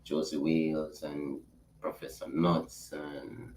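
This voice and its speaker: A man's voice: very deep voice, little pitch movement, slow, darkish tone, reverberant, slight background noise. A man from Panama co-hosting a radio talk show, laid-back and slangy, talking with lots of fillers. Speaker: radio co-host. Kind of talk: casual radio chat.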